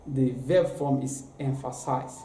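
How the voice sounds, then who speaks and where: A teacher giving a grammar lesson, speaking deliberately and drawing out the key words. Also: medium pitch, dark tone. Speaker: English teacher. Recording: echoey room with faint background noise.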